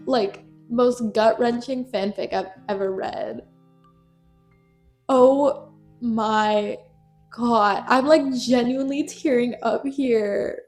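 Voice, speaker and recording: Casting note: young female YouTuber, chatty and animated, in a roomy space with faint music underneath. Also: a little high. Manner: gossipy, animated, many "like"s. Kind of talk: casual commentary video. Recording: echoey room, faint music.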